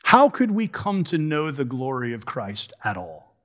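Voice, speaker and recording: A man preaching a sermon, posing rhetorical questions and slowing down to stress key words. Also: mid-range voice, sing-song, fairly bright tone.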